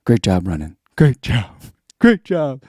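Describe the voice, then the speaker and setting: A man's voice: medium pitch, huge pitch swings, slow pace, dark tone, no echo, studio quality. A middle-aged man, host of a running channel, chatting casually on a live stream, reading out viewer comments and chuckling often. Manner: laid-back, chuckles often, reads comments aloud.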